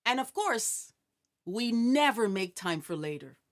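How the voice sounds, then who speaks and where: A woman's voice: on the high side, sing-song, a little slow. A woman hosting a live inspirational talk show, chatty and joking, often putting questions to her audience. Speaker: host.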